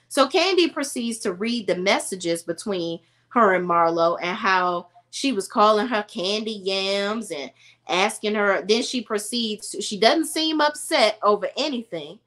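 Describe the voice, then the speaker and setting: A woman's voice: medium pitch, a bit bright. A woman giving opinionated, casual commentary as she recaps a reality TV episode. She talks bluntly and with exasperation, in a slangy storytelling style.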